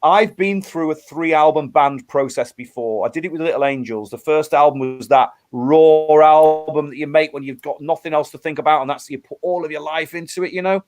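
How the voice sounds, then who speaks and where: A middle-aged English rock musician talking earnestly in a casual interview, often restarting and repeating words. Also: male voice, fairly high pitch, brisk, hardly any pauses. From England.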